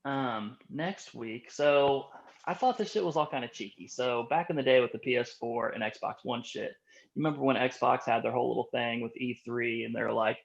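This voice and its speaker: A man's voice: mid-range voice, fairly even intonation, moderate pace, creaky. A man hosting a casual gaming podcast, telling stories in a laid-back, chatty way and asking his co-host questions. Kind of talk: casual chat. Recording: dull lo-fi audio.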